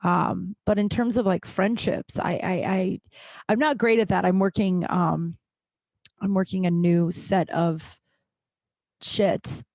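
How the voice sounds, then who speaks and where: Gravelly-voiced woman, frank podcast monologue. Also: lowish voice, steady tone, takes it slowly, a little mellow, no room sound, clean studio sound. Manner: frank, rambling, swears casually, many restarts. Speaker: podcast host. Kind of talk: candid solo podcast monologue.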